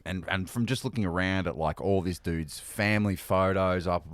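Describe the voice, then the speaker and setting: A man co-hosting a podcast, telling an animated story and acting out the people in it. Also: sits low, normal speed, no echo. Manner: animated storyteller, acts out quoted voices. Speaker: podcast co-host. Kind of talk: casual chat, storytelling.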